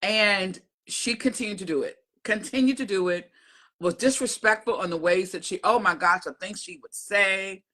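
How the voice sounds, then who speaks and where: A woman's voice: mid-range voice, moderate pace, bright, forceful tone. A middle-aged woman vlogger talking casually to her viewers, a chatty storyteller who often repeats herself and uses folksy phrasing. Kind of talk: casual chat to camera.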